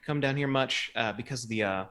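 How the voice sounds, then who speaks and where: A man voicing a hesitant male tavern contact who halts often with pauses and fillers. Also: medium pitch, pushed and bright, lightly acted. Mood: cautious. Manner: halting, full of pauses and fillers.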